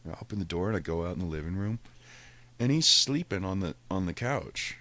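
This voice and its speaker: Deep-voiced man telling a profane story. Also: brisk. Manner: profane, animated, laughs often. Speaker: podcast host. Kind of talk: casual storytelling.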